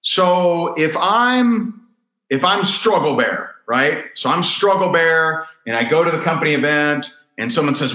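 A man delivers a motivational talk with a bright, forceful voice, hammering his points through repetition and rhetorical questions. The sound is roomy, with a clear echo around him. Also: a little high, expressive, unhurried. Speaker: motivational speaker.

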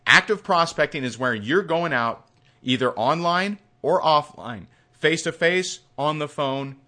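Brief: a pumped-up male course instructor, bright and forceful, emphatic and repetitive. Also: on the high side, animated, unhurried. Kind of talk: recorded course lesson.

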